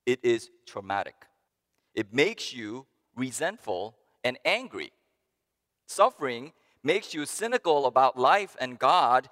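A man delivering a sermon with a mid-range voice that swings widely in pitch. He climbs to emphatic peaks and then drops to quiet asides. His voice carries a long reverb, as if spoken in a large church hall. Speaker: pastor.

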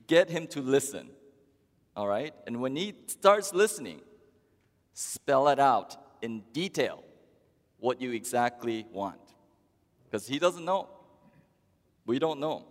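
A man preaching a sermon as pastor, talking to the congregation in a wry, conversational way with long pauses. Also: a little high, animated. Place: church. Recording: long church reverb.

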